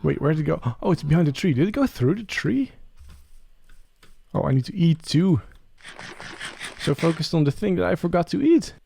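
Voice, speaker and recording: Playing a game and addressing its creatures directly, this young male Let's Play creator keeps up chatty commentary full of excited rising questions. He speaks at normal speed in a fairly high, slightly rough voice with vocal fry and long pauses.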